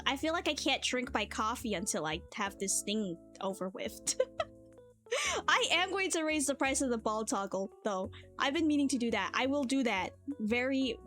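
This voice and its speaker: A woman's voice: fairly high pitch, fairly bright tone. A woman streamer chatting casually, rambling and playful, laughing often. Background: faint cafe music.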